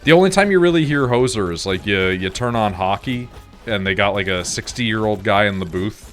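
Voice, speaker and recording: A man's voice: on the low side, expressive, brisk, fairly bright tone, soft background music. A Canadian man rambling casually while gaming, swearing freely and filling his talk with "like". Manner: rambling, profane, heavy on fillers. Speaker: gaming streamer.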